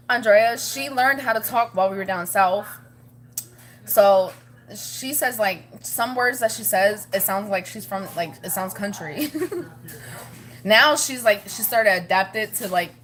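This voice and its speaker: A woman's voice: mid-range voice, unhurried, fairly bright tone. A woman vlogging in a rambling, chatty way, laughing often as she talks to her viewers. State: pregnant, with morning sickness. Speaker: family vlogger. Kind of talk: casual chat to camera.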